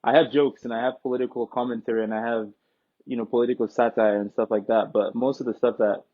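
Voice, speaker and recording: A young man from Nigeria, telling stories as an interview guest in a relaxed, joking way. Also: medium pitch, fast. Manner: relaxed, joking, breaks into quoted dialogue. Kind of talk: casual interview storytelling. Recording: tinny phone-like line.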